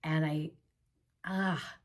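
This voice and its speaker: A woman with a slightly low voice tells personal stories on her vlog. She talks in a heartfelt, reflective way and sometimes sinks to a hushed near-whisper. It sounds like casual, personal storytelling. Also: fairly even intonation, drawn-out words. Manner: drops to a hushed near-whisper at tense moments. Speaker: vlogger, workshop host.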